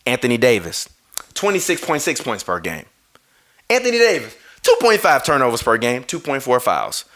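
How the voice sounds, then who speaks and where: A man hosts a live basketball stream from a home setup, talking through a mixer. He rants in a bright, forceful voice, argues with his viewers and swears freely. He keeps breaking off to apologize for audio dropouts. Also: mid-range voice, very animated, normal speed. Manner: heated, swearing, argumentative, apologizes over audio trouble. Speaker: basketball podcast host. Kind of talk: live-stream sports rant.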